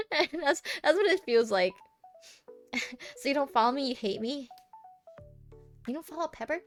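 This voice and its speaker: A woman's voice: sits high, expressive, normal speed, long pauses, soft background music. A young woman streamer chatting casually with her viewers, playful and teasing, giggling often and rambling with lots of fillers.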